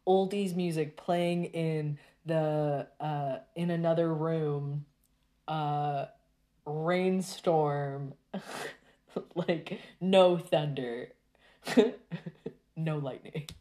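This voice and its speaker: Low, mellow-voiced woman ranting casually. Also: steady tone. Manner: rambling, exasperated, with halting restarts. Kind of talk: casual rant to camera.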